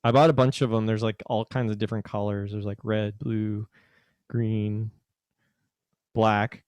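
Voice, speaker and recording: This podcast host has a lowish, darkish voice that stays level and unhurried, clear and resonant, with no room sound. In a casual chat he teases and rambles, even putting on a joke British accent.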